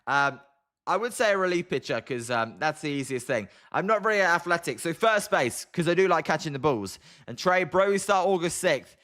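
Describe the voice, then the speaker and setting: Young British man, fairly high voice, quick and chatty live stream commentator. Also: lively intonation, fairly bright tone. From Britain. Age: young adult. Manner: fast-talking, chatty. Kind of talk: live watch-along commentary and chat replies.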